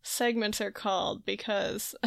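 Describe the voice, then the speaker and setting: A woman's voice: medium pitch, fairly even intonation, vocal fry, fairly bright tone, no room sound, studio quality. Giggly woman recapping a comic. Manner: giggly, reads out comic lines in quick put-on voices. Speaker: podcast co-host. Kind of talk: casual chat, recapping a comic.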